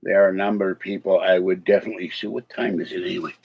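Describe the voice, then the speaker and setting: A man's voice: sits low, little pitch movement, racing, gravelly, darkish tone, breathy edge, highs cut off. A man hosting a casual livestream, rambling with chuckling asides to chat, with a slight slur in his speech. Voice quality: slight slur from missing teeth. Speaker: livestream host.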